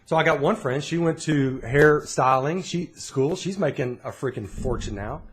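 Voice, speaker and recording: Crowd noise surrounds a middle-aged man whose voice is a little high and moderately paced. As a podcast co-host in a casual chat, he tells stories animatedly and performs people's quotes.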